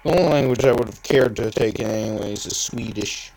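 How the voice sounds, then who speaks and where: A man's voice: medium pitch, fairly quick, darkish tone, poor audio. An eighteen-year-old man from Canada, rambling through casual gameplay commentary, often correcting himself mid-sentence. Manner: rambling, self-correcting, chatty asides. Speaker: let's play host. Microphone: phone screen-recorder mic.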